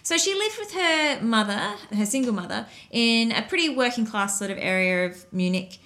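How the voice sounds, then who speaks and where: Bright, lively woman podcast host. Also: on the high side, normal speed. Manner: animated, chatty, laughs often. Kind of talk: casual podcast chat.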